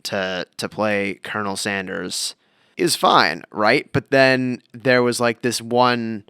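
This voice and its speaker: A man's voice: fairly low pitch, takes it slowly, sharp tone, clear, resonant tone, no echo, clean studio sound. A man co-hosting a podcast, chatting casually and wandering off into tangents as he tells stories. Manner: rambling, tangent-prone storytelling. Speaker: podcast co-host. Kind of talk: casual chat.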